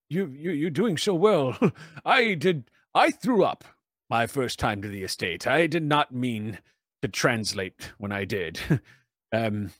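A man voicing an effusive, giggly dinosaur doctor who chatters warmly. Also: medium pitch, sing-song, takes it slowly, no echo, clean studio sound, exaggerated voice. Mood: gushing.

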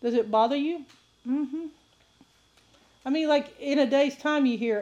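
A woman preacher giving a sermon full of animated stories, often laughing and acting out the voices of people she quotes. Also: a little high, normal speed. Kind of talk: sermon with storytelling.

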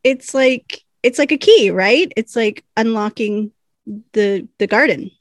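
A woman's voice: a little high, a little slow, no room sound. A woman co-hosting a podcast, narrating an episode scene by scene. She acts out the characters' lines as she goes. Her voice is close and dry. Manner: animated storytelling, acts out lines. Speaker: podcast co-host. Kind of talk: casual recap chat.

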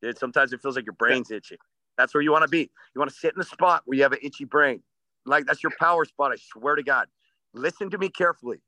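A man with a bright, pressing voice delivers fired-up motivational talk laced with swearing. His tone is forceful and direct, as if urging the listener on. The sound is dry and close. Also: mid-range voice, fast, dry recording. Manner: intense, profane, motivational. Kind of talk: casual podcast talk.

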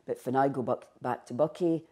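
A woman's voice: a bass voice, fairly quick, warm tone. A woman with a North East Scots accent, a lecturer speaking in an interview and sliding between standard and broad Scots. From North East Scotland. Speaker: linguistics lecturer. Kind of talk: interview talk.

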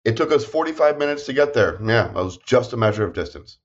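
Animated jokey man, lo-fi sound. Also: medium pitch, fast talker. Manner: animated, self-deprecating, jokey. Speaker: podcast co-host. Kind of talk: casual chat. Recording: dull lo-fi sound.

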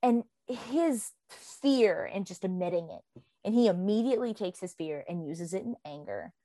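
A woman's voice: medium pitch, lively intonation, normal speed, warm tone, no echo. A woman co-hosting a podcast, chatting casually about a book, rambling with many fillers. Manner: rambling, full of "um" and "like". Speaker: podcast co-host.

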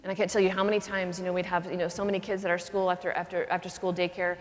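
A woman's voice: fairly low pitch, flat delivery, racing. A woman, a nun giving a charismatic retreat talk, teaching in an earnest, conversational way and acting out little scenes. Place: cathedral. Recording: long cathedral reverb.

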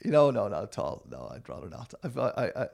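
A man's voice: medium pitch, sing-song, quick pace, creaky, a little mellow. A middle-aged man, a documentary filmmaker, answering interview questions in a rambling, self-deprecating way, full of restarts and fillers.

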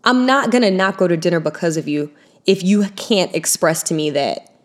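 A woman's voice: on the low side, expressive, moderate pace. A woman co-hosting a podcast, talking in a blunt, profane, storytelling way in casual chat. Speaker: podcast co-host.

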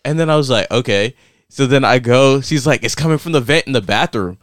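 A young man in casual chat, telling a story with lively quoted voices that jump high. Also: brisk, no room sound, studio quality. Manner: animated, acts out quotes with big pitch jumps.

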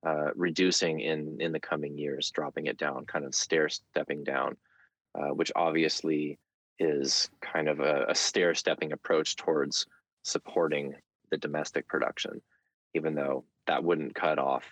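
A man with an extremely deep, low voice talks as an interview guest. He speaks thoughtfully, restarting sentences and filling pauses. The sound is dry and close, with no room around it. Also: a bit bright, dry recording. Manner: thoughtful, frequent fillers and restarts. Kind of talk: conversational interview.

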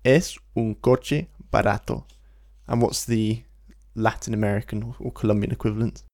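A man, teaching a Spanish lesson in a relaxed podcast style, explaining patiently and slowing down to model phrases. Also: on the low side, gravelly. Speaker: language teacher.

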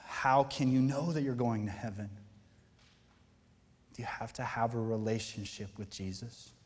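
A man preaching a sermon as pastor, talking in a conversational, animated way that builds to impassioned emphasis. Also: mid-range voice, unhurried, slightly rough, in a large hall. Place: church auditorium.

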